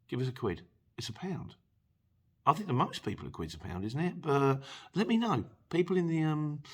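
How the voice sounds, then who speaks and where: Husky and mid-range, this middle-aged man hosts a relaxed Q&A for his channel. He jokes his way through viewer comments in a chatty manner, frequently chuckling.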